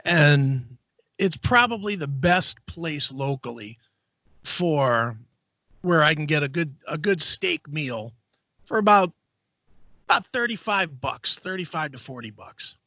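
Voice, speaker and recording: High, lively, bright-voiced male co-host. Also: dry recording, highs cut off. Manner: animated, crude, sarcastic riffing. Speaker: podcast co-host. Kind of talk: casual profane chat.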